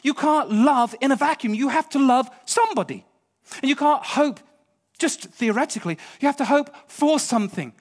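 A man's voice: very high-pitched, expressive, moderate pace. Impassioned British man preaching. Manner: impassioned, swings from hushed to pleading. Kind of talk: sermon.

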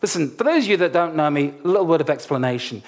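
A man from Nigeria delivers a sermon in a fairly high voice. He tells personal anecdotes with humor and animation, speaking directly to his listeners as a preacher. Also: fast. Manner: animated, humorous storyteller addressing a congregation.

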